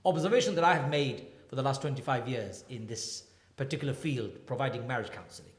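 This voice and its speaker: A man in his fifties, an imam and marriage counselor, giving a humorous lecture as an animated, joking storyteller. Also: medium pitch, fast. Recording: echoey hall.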